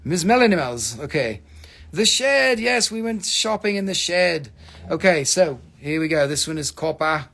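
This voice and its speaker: A man with a slightly high voice hosts a live crystal sale. He rambles along in a loose, joking way, swears freely and keeps calling out to viewers by name. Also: gravelly, fairly bright tone. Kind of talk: casual live sales pitch.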